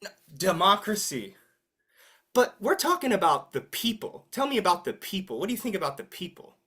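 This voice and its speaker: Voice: mid-range voice, fairly quick, slightly rough. A teacher running an interactive online class, joking and asking the students questions. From United States. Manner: lively, teasing, asks the class questions. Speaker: English teacher.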